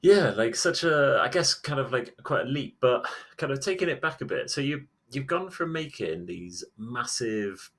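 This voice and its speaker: A man with a husky, bright voice and lively pitch swings, hosting a relaxed interview. His questions wander and stall, searching for words before landing. Casual, chatty conversation. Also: moderate pace, hardly any pauses. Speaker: podcast host.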